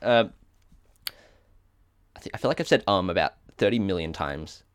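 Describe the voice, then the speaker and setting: Australian man, podcast co-host; low, clean dry read of a list, fumbles tricky names. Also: animated, normal speed, clean tone, dry recording. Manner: trips over foreign names, chuckling self-corrections. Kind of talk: casual podcast chat, reading out a list.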